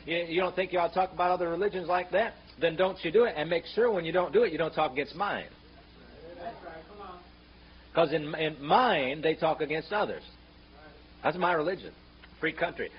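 A man's voice: a little high, husky. Fiery man preaching, muffled recording. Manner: fiery, rising to shouts on scripture quotes; sarcastic, mocking. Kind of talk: sermon. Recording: muffled, slightly noisy sermon recording.

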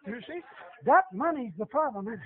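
A man preaching a sermon, calling out to the congregation with animated back-and-forth questions. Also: very high-pitched, fairly quick, a crowd in the background. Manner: animated call-and-response preaching. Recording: tinny lo-fi radio broadcast.

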